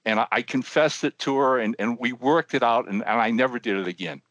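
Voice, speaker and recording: An older man co-hosting a podcast, telling a long joke with animated voices for the characters. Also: mid-range voice, brisk, no echo. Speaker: podcast co-host. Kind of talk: telling a joke, casual chat.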